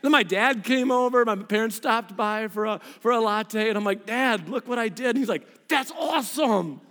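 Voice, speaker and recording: A man in his thirties preaching a sermon to a congregation, telling a story with animated energy and his voice leaping up when he gets excited. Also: high voice, moderate pace. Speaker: pastor. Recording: reverberant hall.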